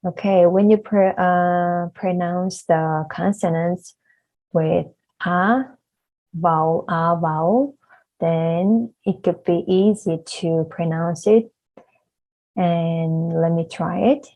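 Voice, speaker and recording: Lady teacher, talks real slow and patient, repeats every sound. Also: lowish voice, fairly even intonation, mellow, low-quality recording. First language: Korean. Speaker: language teacher. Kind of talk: slow spoken lesson.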